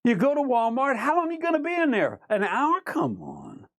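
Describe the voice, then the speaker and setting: Very high-pitched and fast, with lively intonation, a man hosts a live show and rants through the chat, reading viewer comments aloud and repeatedly, emphatically arguing with them. The recording is dry with clean studio sound.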